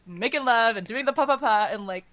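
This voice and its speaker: A woman podcast host casually retelling a story's plot in a rambling, animated way, saying "like" all the time. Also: a little high, brisk, no room sound. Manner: rambling and animated, says "like" constantly.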